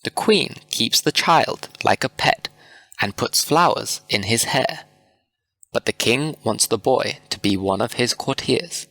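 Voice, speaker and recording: A man's voice: mid-range voice, lively intonation, unhurried, pushed and bright, no room sound, full character voice, poor audio. A man reading the part of a mischievous male sprite who serves a fairy king, in a gossipy, informative manner, in a storybook reading.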